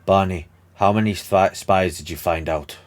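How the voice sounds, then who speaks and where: A man with a very low voice narrates a tabletop campaign as game master. He rambles, fills gaps with ums and corrects himself as he describes the scene. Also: steady tone, moderate pace.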